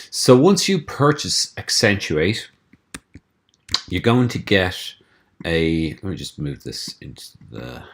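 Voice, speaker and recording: A man from a theme company walking through a screencast tutorial, explaining steps in a relaxed way with frequent ums and restarts. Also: low-pitched. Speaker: theme developer giving a tutorial.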